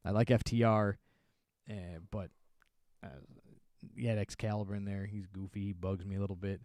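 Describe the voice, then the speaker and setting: A man's voice: fairly low pitch, level tone, normal speed, dry recording, studio quality. A man co-hosting a podcast, recapping wrestling in casual, rambling, sarcastic chat. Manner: rambling, sarcastic, acts out wrestlers' shouted lines. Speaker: podcast co-host.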